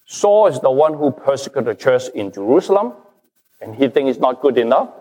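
A man preaching a sermon as pastor, slow and emphatic, his stresses rising and falling. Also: medium pitch, sing-song, warm tone. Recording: long reverb of a large hall.

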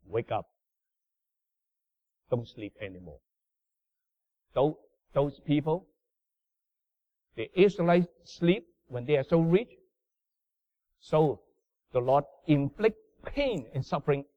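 A man preaching a sermon in non-native English, emphatic, swinging from loud bursts down to low murmurs. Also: very animated, a little slow, long pauses, dry recording. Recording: dull lo-fi sound.

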